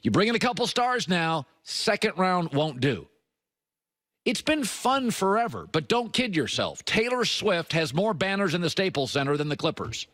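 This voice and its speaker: Middle-aged man, sports radio host, opinionated monologue, very animated pitch, bone-dry studio sound. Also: normal speed, dry recording. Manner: emphatic, swings between high punchy lines and low confiding tones. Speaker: sports talk show host.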